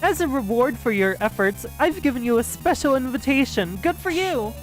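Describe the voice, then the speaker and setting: A woman voicing a cold, expressionless masked male game master who talks in a mocking, smug, drawn-out way while she reads game dialogue. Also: high-pitched, expressive, soft background music. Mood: taunting. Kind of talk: reading game dialogue aloud.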